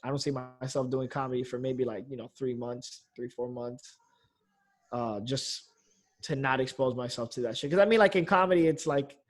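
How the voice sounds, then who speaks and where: A man's voice: mid-range voice, normal speed. A man, a comedian, chatting casually on a podcast in a loose, rambling way, full of fillers and the odd curse. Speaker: comedian guest.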